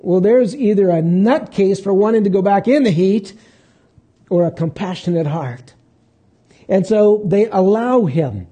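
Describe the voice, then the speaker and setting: A man preaching a sermon in a conversational way, pausing and restarting as he walks through scripture. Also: sits high, animated, mellow. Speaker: pastor.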